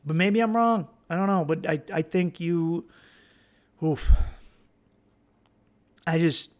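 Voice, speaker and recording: A man's voice: fairly high pitch, takes it slowly, a little mellow. A man hosting a podcast, giving blunt, profane, rambling advice with many restarts. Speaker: podcast host. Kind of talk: casual advice monologue.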